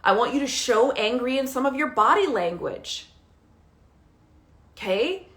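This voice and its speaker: Woman parenting coach, kinda high voice, animated and emphatic, keeps saying okay?. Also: a little slow. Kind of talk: direct-to-camera coaching talk.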